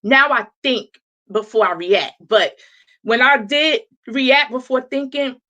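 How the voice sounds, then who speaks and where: A woman in her thirties tells a story in a casual way, laughing often and acting out each person's lines. Her voice is bright and clear and sits somewhat high. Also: slow, muffled recording. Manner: animated, laughing, acts out quoted voices. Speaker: host.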